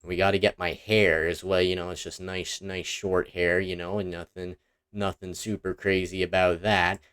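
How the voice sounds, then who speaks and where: Low-voiced man joking while drawing. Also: flat delivery, normal speed, fairly bright tone, clear, resonant tone. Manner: goofy, self-mocking, rambling with restarts. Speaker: online video creator. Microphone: desk mic with headphones, face cam.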